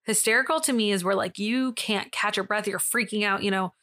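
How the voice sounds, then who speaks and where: Bright-voiced chatty woman telling a case. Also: medium pitch, a little fast. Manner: chatty, laughs often, swears. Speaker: podcast host. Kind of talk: casual true-crime storytelling.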